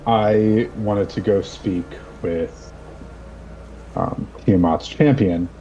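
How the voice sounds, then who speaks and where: A man's voice: fairly low pitch, drawn-out words, mellow, lo-fi sound, slight background noise. A man playing in a tabletop game, chatting in a laid-back, joking way. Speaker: player. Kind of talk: casual chat in a tabletop game.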